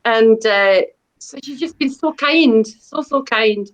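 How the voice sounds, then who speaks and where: A woman's voice: fairly high pitch, slow pace, low-quality recording. A middle-aged woman, a debut author chatting as an interview guest, talking in a rambling, self-deprecating way with many fillers and restarts. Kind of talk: casual interview chat.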